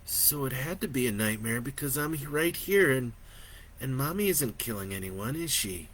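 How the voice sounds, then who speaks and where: A man voicing a father who calms his son in a soft, soothing voice. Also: mid-range voice, moderate pace, slight background noise, close to an everyday voice. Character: calm soothing father, gently reassuring.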